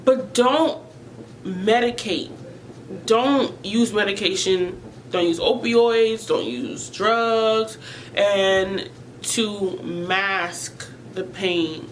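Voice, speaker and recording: A woman's voice: mid-range voice, a little hiss or hum, poor audio. A woman vlogger talking earnestly and emotionally to her viewers about mental health, often repeating herself as she searches for words.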